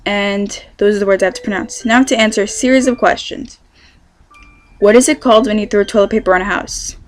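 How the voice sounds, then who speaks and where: A woman's voice: mid-range voice, dry recording. A teenage girl from California, chatting casually through a question-and-answer vlog, rambling with lots of ums. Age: teens. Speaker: vlogger.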